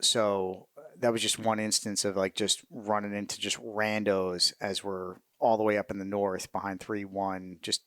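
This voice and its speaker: A middle-aged man, a military veteran, telling war stories in a casual interview, cursing freely, animated and laughing as he goes. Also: fairly low pitch, moderate pace, few pauses, clear, resonant tone, dry recording, clean studio sound. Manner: profane, animated, laughs mid-story.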